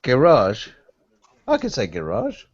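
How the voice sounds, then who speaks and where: A man who trips over his words, repeating himself as he banters. His voice is fairly low, and the sound is dull and lo-fi, with a slightly distant quality. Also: sing-song, normal speed, darkish tone, no room sound. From England. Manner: stammering, repeats words, joking. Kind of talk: casual group banter.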